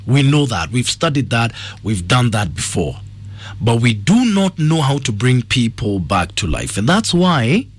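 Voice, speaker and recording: Husky-voiced Kenyan radio host. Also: male voice, medium pitch. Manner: reads listener messages aloud, brief replies. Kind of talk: radio call-in show.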